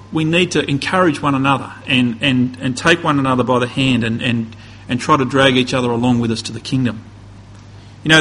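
A man's voice: medium pitch, bright, forceful tone, low-quality recording. A man preaching a conversational sermon, building to emphatic peaks and often restarting his phrases.

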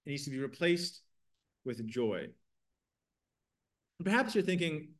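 Bible class teacher, man, earnest, slightly high voice, questions the room. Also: very animated, unhurried, pauses often, a bit bright.

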